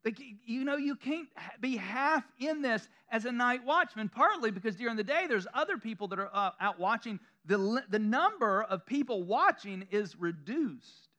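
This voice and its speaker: Southern male pastor, high bright voice, preaches in a loose conversational way with chuckles and self-deprecating asides. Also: animated, normal speed, hardly any pauses. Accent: Southern American. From Southern United States. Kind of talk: sermon. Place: church room before a congregation.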